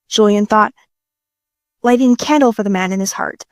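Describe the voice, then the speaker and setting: A woman's voice: medium pitch, moderate pace, no room sound. A woman reading a fanfiction audiobook in a casual, playful way, swearing freely. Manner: casual, profane, playful delivery. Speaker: audiobook narrator.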